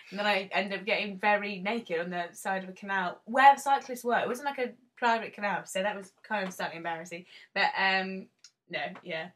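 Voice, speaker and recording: A woman's voice: mid-range voice, a bit bright. A woman, a podcast guest telling self-deprecating stories and giggling often. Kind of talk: casual chat.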